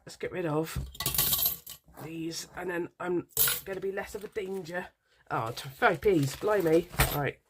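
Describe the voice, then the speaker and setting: A woman's voice: lowish voice, unhurried, noisy background. British woman with a stuffy nasal cold. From United Kingdom. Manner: chatty, rambling, apologetic, many ums. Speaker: budgeting vlogger. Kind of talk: casual chat to camera while sorting coins. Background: faint clinking of coins.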